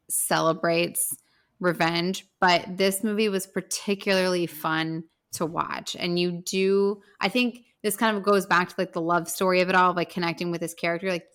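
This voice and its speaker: A woman co-hosting a casual movie podcast, talking eagerly and quickly with many "like" fillers. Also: fairly low pitch, fairly bright tone. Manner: eager, fast, full of "like" fillers. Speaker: podcast co-host.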